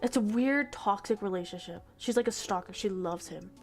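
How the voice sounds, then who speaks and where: A young woman streamer retelling a story in casual chat, exasperated, animated and swearing freely. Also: mid-range voice, normal speed, faint music behind.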